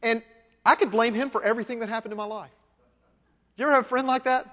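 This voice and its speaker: A man with a notably high voice delivers a sermon as a pastor, speaking conversationally and asking his listeners question after question. His voice rings out with a long reverb, as if in a large church sanctuary. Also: fairly even intonation, fast, pauses often, fairly bright tone. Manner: conversational preaching with rhetorical questions.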